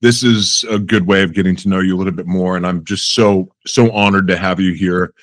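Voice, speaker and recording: This podcast host has a low, steady, slightly bright voice and a brisk pace, with no echo on the recording. He keeps the interview casual, laughing a lot and playing out his own reactions at his own expense.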